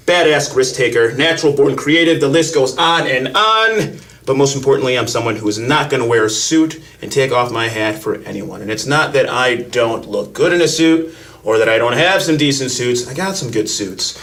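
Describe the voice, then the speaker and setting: A man's voice: medium pitch, animated, normal speed, a bit bright, distant mic. Brash man hosting a podcast. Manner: brash, self-assured, storytelling. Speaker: podcast host. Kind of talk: casual podcast chat.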